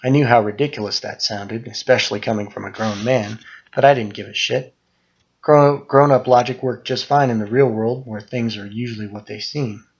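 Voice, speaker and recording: A man reading his own first-person horror story aloud, muttering through the narration and breaking into loud outbursts on the quoted lines. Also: mid-range voice, fairly even intonation, moderate pace, breathy edge, lo-fi sound.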